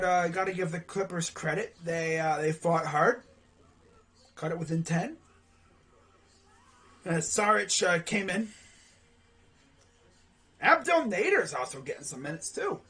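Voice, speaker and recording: A young man doing live play-by-play reaction to a basketball game from home, slangy and excitable, yelling and groaning at missed shots. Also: sits high, breathy edge. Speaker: play-by-play streamer.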